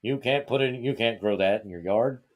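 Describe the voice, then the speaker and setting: With a medium pitch and a normal pace, a male podcast host from Georgia vents in casual conversation. His tone is heated and exasperated, and he keeps throwing out rhetorical questions.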